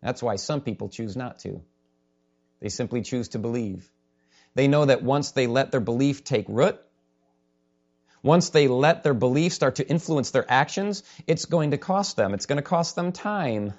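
A man's voice: mid-range voice, lively intonation, unhurried, darkish tone. A male pastor preaching an impassioned sermon, sometimes raising his voice to a holler. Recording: dull lo-fi recording.

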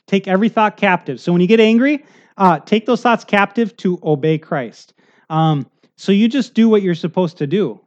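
On a muffled recording, a middle-aged pastor with a slightly high, darkish voice delivers a sermon. He keeps it earnest and conversational, often checking in with his congregation.

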